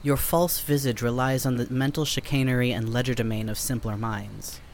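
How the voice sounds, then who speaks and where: Casting: a man playing a deadpan, formal, sardonic companion, mid-pitched, audio drama. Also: normal speed, creaky, a little hiss or hum, natural voice. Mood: dry. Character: dry, sardonic, verbose male companion.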